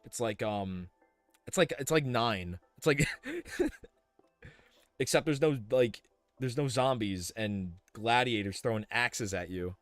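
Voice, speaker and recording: A young man with a mid-range, animated voice thinks aloud slowly while live-streaming a building game, rambling with lots of fillers and restarts. The audio has no echo, with faint music in the background.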